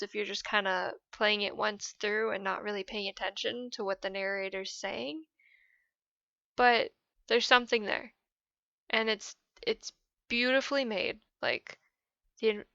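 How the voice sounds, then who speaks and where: Woman, gaming vlog host, hesitant and rambling, soft and emotional, crisp bright tone, dry close recording. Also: mid-range voice, no echo, muffled recording. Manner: hesitant, rambling, many "I don't know"s. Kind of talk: casual post-game reflection.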